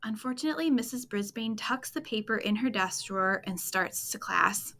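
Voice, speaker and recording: A woman reading a children's chapter book aloud at bedtime, expressive and playful, talking to young listeners. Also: medium pitch, moderate pace. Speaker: storytime reader.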